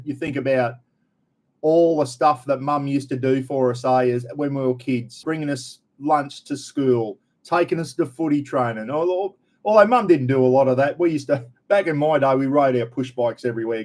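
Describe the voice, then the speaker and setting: A man's voice: medium pitch, a little mellow. A middle-aged Australian man hosting a casual live stream, greeting viewers one by one with a friendly, chatty manner. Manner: chatty, friendly, lots of g'day mate.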